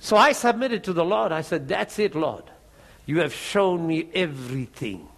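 High-voiced preacher telling a testimony. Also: male voice, moderate pace, gravelly. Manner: animated storytelling, chuckling often. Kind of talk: testimony in a sermon.

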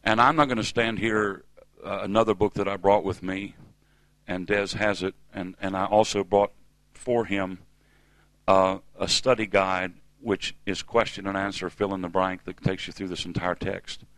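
A man's voice: sits low, little pitch movement, normal speed, a bit bright, no room sound, rough recording. A middle-aged man preaching a sermon in a church service, emphatic and calling on the congregation to respond.

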